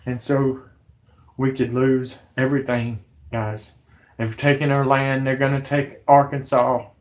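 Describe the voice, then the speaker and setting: A man with a drawl whose voice is hoarse and worn from illness. He rambles to his viewers, agitated and pleading, circling back over the same words again and again. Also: medium pitch, little pitch movement, a little slow. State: hoarse, sick voice. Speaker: conspiracy vlogger. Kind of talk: rambling monologue to camera.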